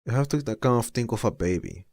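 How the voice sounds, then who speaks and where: A man's voice: mid-range voice, animated, fast, a little mellow, no room sound, studio quality. A young adult man streaming casual reaction commentary, rambling and laid-back.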